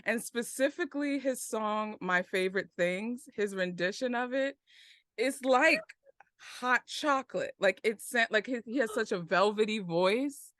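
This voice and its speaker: A woman's voice: fairly high pitch, unhurried, fairly bright tone, no room sound, studio quality. A woman hosting a podcast, chatting casually in a bubbly, effusive way with a little Southern slang. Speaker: podcast host. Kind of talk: casual chat.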